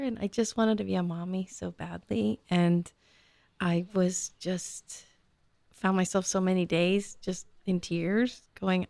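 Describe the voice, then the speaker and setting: A woman's voice: fairly low pitch, fairly even intonation, slow, vocal fry, a little mellow, no room sound. A woman in her fifties talking on a radio show, reflective and self-deprecating, with hesitant restarts and frequent laughter. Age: 50s. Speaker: co-host or guest. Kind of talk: conversational radio talk show.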